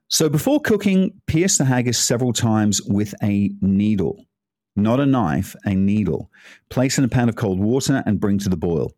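A man's voice: fairly low pitch, a little mellow, dry recording, studio quality. A man giving a casual, chatty cooking talk, rambling into asides and laughing as he goes. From Scotland. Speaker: cooking presenter.

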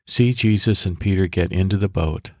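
Deep-voiced man leading calm guided prayer. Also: no room sound, studio quality. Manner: calm, measured, instructive pacing. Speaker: devotional podcast host. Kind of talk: guided prayer and scripture meditation.

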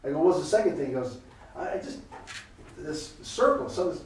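A man's voice: on the high side, normal speed, slight background noise. A man telling a story in a sermon about prayer, acting out the voices of the people in it. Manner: animated, acts out voices in anecdotes. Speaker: preacher. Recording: echoey room from far off.

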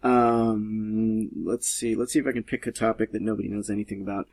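A man's voice: on the low side, level tone, a little fast, creaky, a little mellow. A man hosting a casual podcast chat, rambling and laughing often, with casual swearing. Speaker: podcast host.

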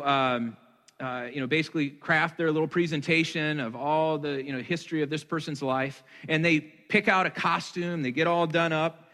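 A man's voice: on the high side, pushed and bright, big-room sound. A man in his thirties preaching a sermon in a conversational way, asking his listeners questions and making light of himself. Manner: conversational, with rhetorical questions and self-deprecating asides. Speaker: pastor.

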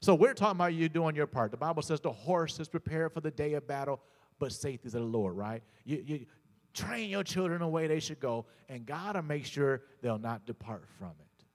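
A male pastor with a fairly high voice preaches a sermon. He tells stories, doubles back on his words and calls out to the congregation. His voice carries a long hall reverb. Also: lively intonation, fairly quick.

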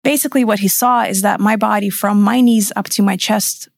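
A woman's voice: mid-range voice, fairly even intonation, moderate pace, gravelly, no room sound, studio quality. A woman in her thirties, a podcast guest, telling her personal story frankly and emphatically, sometimes swearing.

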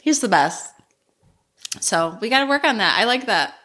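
A woman co-hosting a podcast in casual chat, animated and quick to laugh as she tells stories. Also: a little high. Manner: animated, laughs often, lively storyteller. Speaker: podcast co-host.

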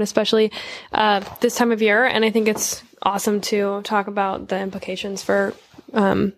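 A woman's voice: mid-range voice, slight background noise. A young woman on a podcast, sharing research in a casual, hesitant way with lots of fillers. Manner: hesitant, many fillers, relaxed. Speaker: podcast guest. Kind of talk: casual informative talk.

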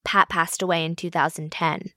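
Low-voiced woman narrating, dry. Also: steady tone, normal speed, fairly bright tone, no room sound. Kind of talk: scripted documentary narration.

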